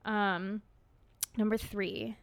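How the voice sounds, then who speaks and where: Young woman, Midwestern accent, podcast co-host, casual chat, fast, giggly, animated. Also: mid-range voice. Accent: Midwestern American.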